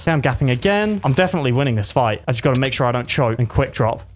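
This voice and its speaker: A young man giving excited live commentary over his own gameplay, his voice jumping high when a fight goes well or badly. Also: rapid-fire, hardly any pauses, slight background noise. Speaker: gaming video creator.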